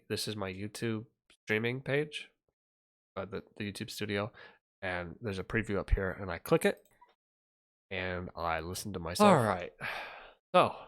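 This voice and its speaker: A man with a lowish voice talks casually on his livestream from a home setup. He mumbles and thinks out loud, half to himself, as he adjusts his desk microphone. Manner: mumbling, thinking aloud while fixing his audio.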